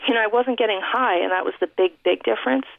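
A woman's voice: on the high side, fast, vocal fry, no echo. A woman from New York City, a guest author in a radio interview, telling her life story in a heartfelt, reflective way with frequent restarts. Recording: dry, thin phone-like line.

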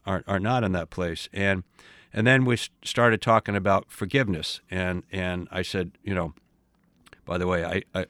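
A man in his late sixties telling a story in casual chat, animated, often stumbling and repeating words. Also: low-pitched, no echo. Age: 60s. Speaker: podcast co-host.

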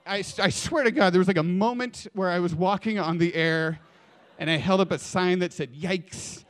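A man telling a personal story on stage in an animated, dramatic way, swinging between hushed and loud. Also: sits high.

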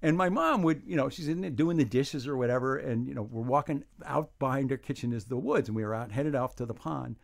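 A man's voice: medium pitch, brisk, creaky, hardly any pauses. A man in his seventies from New York, a guest in a radio interview, telling stories in a wry, rambling, self-deprecating way. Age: 70s. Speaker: guest, humor writer. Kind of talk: casual interview chat.

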